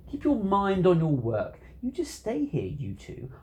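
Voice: medium pitch, wildly swooping pitch, a little slow, warm tone, voice pushed up. A storybook reader voicing a mischievous cat in a tall hat, playful and breezy in a sing-song manner. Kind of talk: storybook reading.

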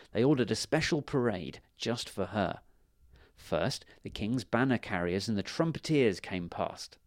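A man reading a children's story aloud in a gentle, expressive storytelling manner. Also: lowish voice, no echo, studio quality.

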